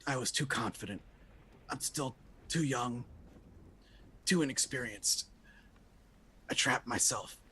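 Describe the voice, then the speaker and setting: A man voicing a wounded young male exorcist, speaking in short, weak, halting phrases and short of breath. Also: mid-range voice, sharp tone, breathy edge, full character voice. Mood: remorseful. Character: dying young male exorcist, guilt-ridden.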